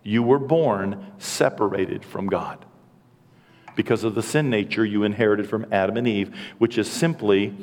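A man's voice: fairly low pitch, a little slow, darkish tone, long reverb tail. A man in his sixties preaching as a pastor in a church, earnest and emotional, with self-deprecating asides. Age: 60s. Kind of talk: sermon. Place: church sanctuary.

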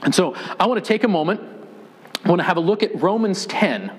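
A man preaching a sermon as a pastor, telling a story in a casual, conversational way that grows animated. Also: sits high, a little fast.

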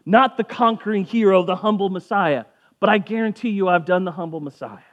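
A man's voice: high voice, a little fast, muffled recording. A man giving a casual sermon as a pastor, conversational and jokey, briefly acting out voices of people in the story.

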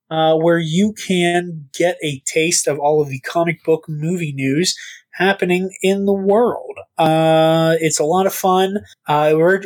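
A man hosting a podcast in casual chat, rambling and stammering, swearing now and then. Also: on the high side. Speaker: podcast host.

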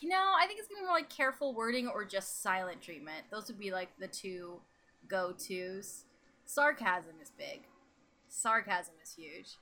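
Bright-voiced northern woman, easygoing chat. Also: medium pitch, animated, moderate pace. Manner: easygoing, jokey, trails off into fillers. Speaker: co-host. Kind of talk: casual chat.

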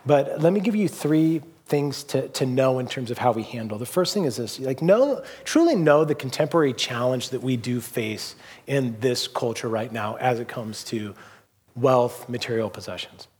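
A man's voice: medium pitch, expressive, normal speed, a little mellow, slightly rough. A middle-aged man pastor preaching a sermon in a loose, conversational storytelling manner, full of fillers and restarts. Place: church hall.

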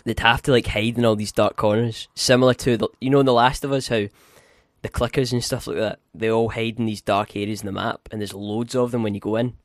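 A man with a lowish voice co-hosts a podcast, chatting casually at a fairly quick clip with fairly even intonation. He rambles, restarts his sentences, and swears now and then. The recording is dry and studio quality.

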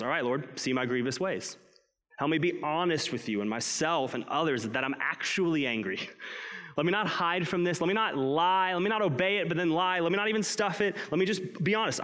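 Male pastor, sermon, conversational preaching, middle pitch. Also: a bit bright, long reverb tail. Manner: conversational preaching, acts out inner voices.

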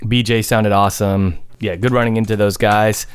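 A man's voice: lowish voice, fairly even intonation, moderate pace, clean tone. A man on a podcast telling a casual, rambling story about a gig, often restarting his sentences and chuckling. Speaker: podcast co-host and gigging musician.

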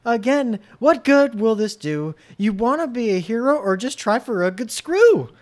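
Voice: medium pitch, very animated, normal speed, voice pushed up, natural voice. A podcaster voicing a doubtful, nervous teenage boy in a distinct impression voice. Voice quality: distinct nasal-ish impression voice.

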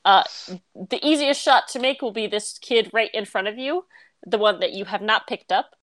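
A woman's voice: mid-range voice, normal speed, a bit bright, no echo. A woman narrating as game master of a tabletop game, casual and laughing often.

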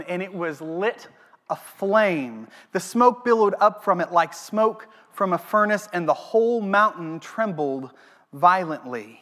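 A man preaching a sermon as a pastor, animated, asking the congregation questions. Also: high-pitched, unhurried. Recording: long hall reverb.

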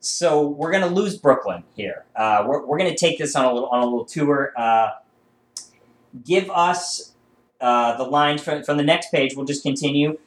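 A man playing a casting director who talks in a halting, earnest way full of fillers. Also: a little high, lively intonation. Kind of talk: comedy audition sketch. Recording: roomy echo with faint ambience.

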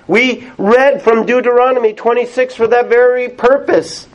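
A male pastor preaching a sermon in an earnest, emphatic way, pausing often and laughing softly. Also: very high-pitched, steady tone.

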